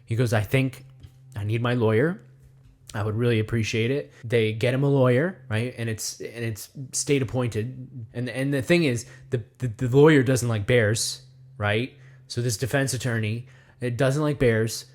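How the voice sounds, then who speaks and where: A man delivering a rambling satirical monologue, speaking of himself in the third person and firing off rhetorical questions. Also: mid-range voice. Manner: acts out voices in quick asides. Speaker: comedy video essayist.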